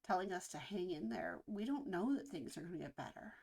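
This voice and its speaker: Husky-voiced woman musing earnestly. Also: on the low side, expressive, a little mellow. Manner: earnest, reflective, halting with pauses. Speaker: reaction video host. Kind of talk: casual spoken reaction commentary.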